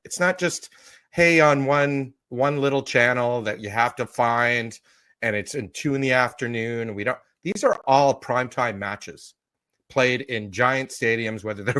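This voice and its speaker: A man's voice: mid-range voice, moderate pace, a bit bright. A man co-hosts a casual sports podcast with an easygoing, jokey manner and a mid-range voice. He talks at length and laughs readily. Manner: jokey, chatty, laughs often. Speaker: podcast co-host.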